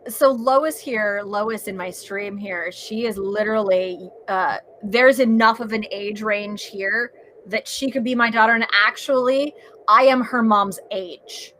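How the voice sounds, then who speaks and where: Greeting viewers while streaming, a middle-aged woman who is both streamer and guest keeps the chat casual and bubbly, laughing frequently. She speaks at a mid-range pitch, a little slowly, with a somewhat bright voice, and there's slight background noise.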